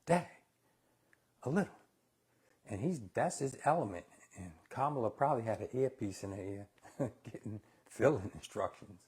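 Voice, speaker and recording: A man's voice: lowish voice, animated, normal speed, darkish tone, husky. A man hosting a casual live cooking stream, talking bluntly and opinionated to viewers he calls y'all. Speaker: cooking show host.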